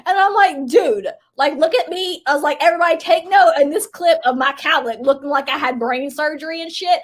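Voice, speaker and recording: A woman's voice: sits high, brisk. A woman co-hosting a casual livestream, chatty and giggly, rambling through stories with lots of laughter. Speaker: livestream co-host. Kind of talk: casual live chat.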